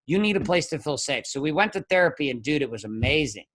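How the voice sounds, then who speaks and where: A man's voice: fairly high pitch, expressive, fast, a bit bright. A middle-aged man, a men's coach as a podcast guest, telling his story bluntly and emphatically, with plenty of swearing. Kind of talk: candid podcast interview.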